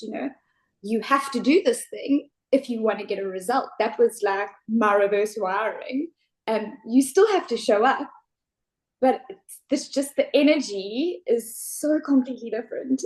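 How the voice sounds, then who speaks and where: A woman's voice: on the high side, a little mellow. A woman on a group video call, sharing in an emotional, heartfelt way. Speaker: call participant.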